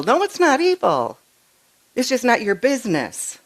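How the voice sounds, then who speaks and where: An older woman minister giving a conversational sermon, telling stories in an animated way and often stumbling over and restarting her words. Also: a little high, a little slow. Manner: chatty, animated storytelling with frequent restarts. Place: church sanctuary.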